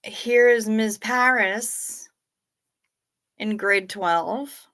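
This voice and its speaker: A woman's voice: mid-range voice, extremely slow, fairly bright tone. Sleepy woman chatting on a livestream. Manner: chatty, reading out viewer comments, yawning. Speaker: livestream host. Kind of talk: late-night casual livestream chat with viewers.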